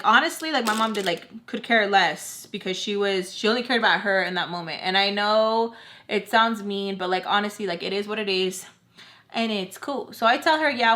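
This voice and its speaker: A woman's voice: medium pitch, pushed and bright. A young woman vlogger telling a personal story in a casual, candid way, swearing freely and saying "like" often. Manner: candid and blunt, swears freely, chatty with many "like"s. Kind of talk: casual storytime while doing makeup.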